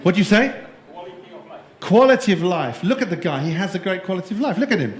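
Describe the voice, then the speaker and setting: This keynote speaker's high voice swings widely in pitch as he talks fast, with noise in the background. He's jokey and playful at the conference, quizzing the audience in a room that echoes.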